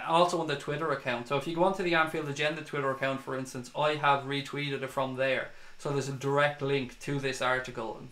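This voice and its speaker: A man's voice: mid-range voice, fairly bright tone, echoey room. Ranting Irish man on a livestream. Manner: heated, swearing, ranting. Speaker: fan channel livestream host. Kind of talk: livestream commentary reading comments.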